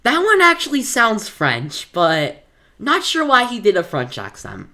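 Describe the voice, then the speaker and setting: A woman reacting to a gameplay video with relaxed, amused comments. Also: fairly high pitch, unhurried.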